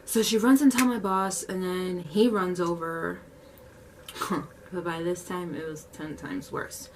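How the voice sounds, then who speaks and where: A young woman vlogger telling a casual story, animated, acting out the quotes and saying "like" a lot. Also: on the low side, a little slow, distant mic, a little hiss or hum. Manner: animated storytelling, heavy use of "like", acts out quotes.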